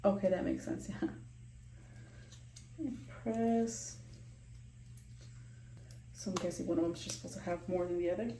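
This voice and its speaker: A woman's voice: lowish voice, steady tone, measured pace, pauses often, dark tone, reverberant, slight background noise, low-quality recording. A young woman doing a casual skincare vlog, rambling with lots of ums and likes, a bit out of breath, recorded in her small bathroom. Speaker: beauty vlogger.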